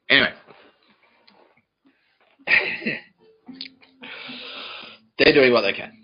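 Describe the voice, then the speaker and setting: A man hosting a comedy podcast, rambling and swearing, often laughing, swinging between mumbles and shouts. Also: fairly low pitch, animated, a little fast, breathy edge. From Australia. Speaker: podcast host. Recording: dull lo-fi podcast audio with faint music.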